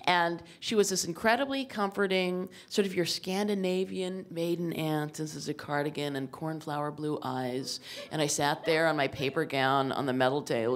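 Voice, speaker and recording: A middle-aged woman author tells self-mocking comic stories in front of a live audience. She jumps between loud exclamations and quiet asides. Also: fairly low pitch, moderate pace. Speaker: author and guest speaker. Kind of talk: comic storytelling on stage. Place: live talk before an audience.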